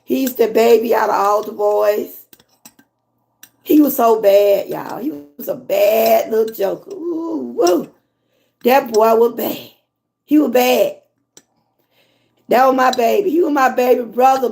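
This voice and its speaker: A hoarse woman from Georgia with a Southern accent, chatting casually with her livestream viewers and reading their comments. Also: fairly high pitch, a little mellow. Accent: Southern American. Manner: chatty, drawn-out, talks to viewers as y'all. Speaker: livestream host.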